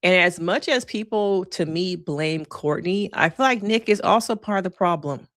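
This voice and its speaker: A middle-aged woman therapist talks frankly and casually on a livestream, slangy and quick to laugh. Her voice sits on the low side and sounds dry and close, with no room around it. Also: animated, a bit bright, no room sound. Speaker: therapist reviewing reality TV.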